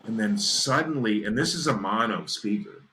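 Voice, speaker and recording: On a podcast, a man with a low, deep voice carrying a bright, forceful edge tells an eerie story in a casual, animated way. He builds suspense, stops to ask "okay?", and plays up the drama, with faint hiss behind him on a rough recording.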